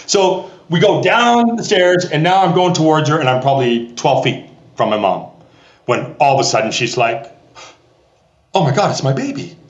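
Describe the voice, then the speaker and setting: A man's voice: a little high, moderate pace, reverberant, lo-fi sound. A middle-aged Canadian man, a theatre festival director, telling stories in a podcast interview and animatedly acting out the voices of the people in them.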